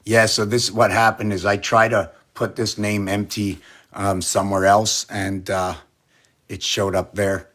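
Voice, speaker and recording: A man's voice: lowish voice, little pitch movement, measured pace, a bit bright. A man in a casual vlog, rambling through an explanation and asking many rhetorical questions. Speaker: vlogger.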